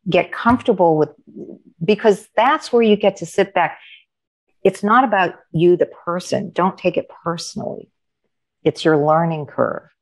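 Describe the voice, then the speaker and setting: Gravelly-voiced woman telling stories. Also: fairly low pitch, normal speed. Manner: animated, acts out quoted dialogue. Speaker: coach, interview guest. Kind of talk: conversational storytelling.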